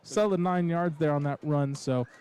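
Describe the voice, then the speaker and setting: A man doing color commentary for high school football, chatty and joking, with plenty of fillers. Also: normal speed, darkish tone.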